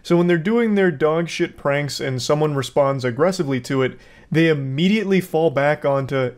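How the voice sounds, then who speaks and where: A man's voice: on the high side, moderate pace, hardly any pauses, darkish tone. Sarcastic man ranting on camera. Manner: sarcastic, blunt and profane. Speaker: commentary host. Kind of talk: ranting video commentary.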